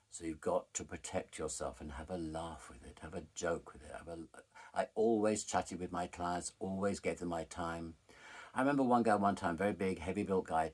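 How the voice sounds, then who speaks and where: Middle-aged man, low raspy voice, candid and animated storyteller. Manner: frank, candid, animated retelling. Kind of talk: personal storytelling.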